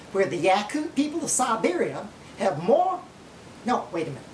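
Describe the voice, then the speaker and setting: A man performs a comic mock lecture as a folksy Oklahoma naturalist, drawling slowly in an Oklahoma accent while his pitch rises and falls with each numbered point. He sounds distant from the mic in a roomy, echoey space, with a little hiss or hum.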